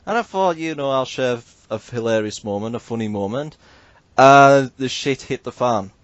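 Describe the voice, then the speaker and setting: A man's voice: medium pitch, normal speed, no room sound, muffled recording. A man, hosting a casual podcast and telling a story animatedly, swearing and mimicking others. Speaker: podcast host.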